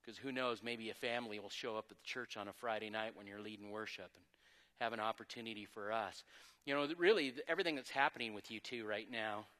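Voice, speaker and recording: A man pastor preaching a sermon with lively energy, moving between loud exclamations and quieter, conversational asides. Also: on the low side, big-room sound. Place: church sanctuary.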